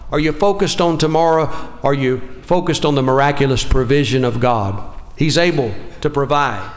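A man's voice: mid-range voice, normal speed, long reverb tail. A man preaching a sermon, telling a folksy story with restarts and calls of amen.

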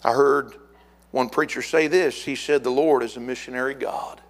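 A middle-aged man preaching a fiery sermon as pastor, building to shouted repeated words. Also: medium pitch, steady tone, normal speed, vocal fry.

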